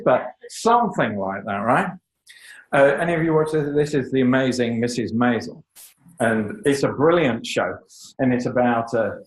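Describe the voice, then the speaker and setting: A man giving a lively, emphatic lecture on public speaking, with joking asides to the audience. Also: medium pitch, roomy sound, poor audio. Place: lecture room.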